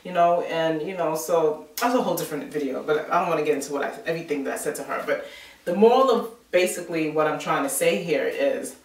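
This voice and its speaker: A woman's voice: low voice, fast talker. Chatty New woman in a roomy space. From New York. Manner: chatty storyteller, many filler words. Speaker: vlogger. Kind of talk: casual chat. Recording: roomy sound from a distant mic.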